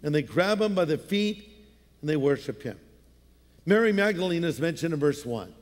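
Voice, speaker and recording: Male pastor, high-pitched voice, casual storytelling sermon with a lot of hall echo. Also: very animated, normal speed. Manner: conversational storytelling with playful voices.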